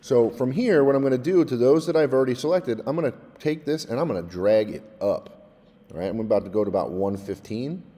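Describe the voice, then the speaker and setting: A male music technology teacher casually walking through a software drum tutorial step by step, often checking in with "all right?". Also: medium pitch, expressive, fairly quick, big-room sound. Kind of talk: screen-recorded software tutorial.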